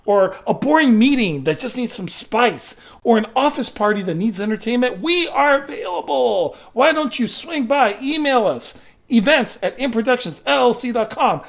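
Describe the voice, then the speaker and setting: A man hosting a live online improv comedy show, talking in upbeat promo patter and leading a sung drinking-song chorus. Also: very high-pitched.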